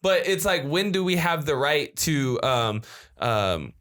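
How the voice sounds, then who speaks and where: Male podcast host, bright tone, loose rambling delivery with laughs. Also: fairly high pitch, big pitch swings, takes it slowly. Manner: rambling, laughs while retelling stories. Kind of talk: casual podcast chat.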